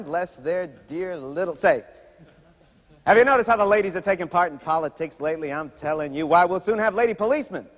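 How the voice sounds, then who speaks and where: An actor playing a wisecracking old-time vaudeville comedian in a stage musical, hammy and full of silly noises. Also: male voice, sits high, lightly acted. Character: brash old-time male vaudeville stand-up comic. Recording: stage recording with long hall reverb.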